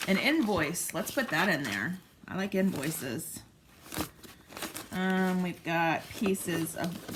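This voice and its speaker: A woman in her forties giving a casual craft tutorial at home, chatty and thinking aloud with frequent ums. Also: fairly low pitch. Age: 40s. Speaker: craft vlogger. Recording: steady background noise, paper crinkling.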